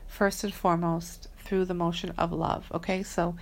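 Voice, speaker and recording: A woman with a lowish voice talks straight to her online followers as a spiritual reader. She is earnest and chatty, drops slang and fillers, and keeps an easy, flowing vlog manner. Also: flat delivery, normal speed. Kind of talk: casual spiritual vlog talk.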